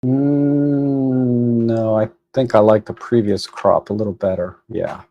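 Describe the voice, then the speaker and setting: A man's voice: mid-range voice, fairly even intonation, slow pace, warm tone, dull audio. A man hosting a photo editing livestream, chatting casually and thinking aloud with fillers and restarts as he works at his computer. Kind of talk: casual live stream commentary. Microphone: desk microphone.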